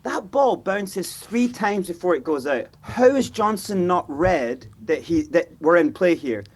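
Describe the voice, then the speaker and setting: A high, husky-voiced man talks football on a fan panel. He is animated and mimics players' voices as he makes his points. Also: a little slow. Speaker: fan pundit. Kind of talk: football fan show discussion.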